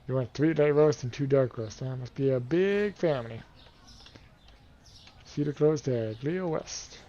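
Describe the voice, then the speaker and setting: A man's voice: mid-range voice, a little slow, dark tone, highs cut off. A man giving playful, casual commentary over a game, counting and thinking aloud to himself while he keeps yawning. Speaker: let's play gamer.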